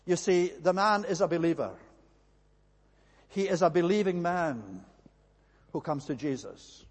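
A man preaching with earnest, emphatic repetition, his voice sitting a little high. His words ring out with a long reverb, like a church hall. He delivers a sermon to a congregation. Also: animated, measured pace, husky.

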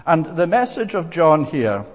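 A man's voice: a little high, very animated, measured pace. A man preaching a sermon, earnest and emphatic, with frequent "eh" fillers and restarts. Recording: long hall reverb.

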